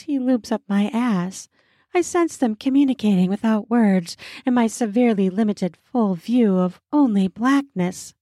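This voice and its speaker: Slow, breathy woman narrating intimately. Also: on the high side, no room sound, clean studio sound. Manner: breathy and intimate, slipping into soft moans. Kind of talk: first-person erotic audio story narration.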